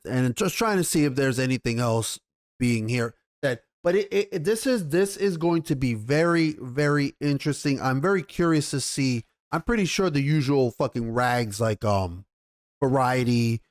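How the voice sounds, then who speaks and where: A man's voice: mid-range voice, normal speed. A man hosting a commentary video, ranting heatedly with lots of swearing and rambling restarts. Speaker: YouTube commentary host.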